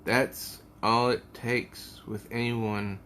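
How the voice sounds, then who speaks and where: A man voicing a mysterious male magician who speaks urgently and, at times, gravely and ominously. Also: mid-range voice, little pitch movement, very slow, fairly bright tone, slight background noise.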